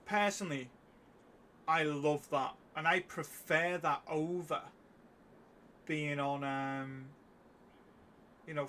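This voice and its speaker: A man's voice: fairly high pitch, a little hiss or hum. A man streaming a racing game, ranting in an exasperated, sarcastic way. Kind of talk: live gameplay stream chat. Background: loud music and car engine sounds.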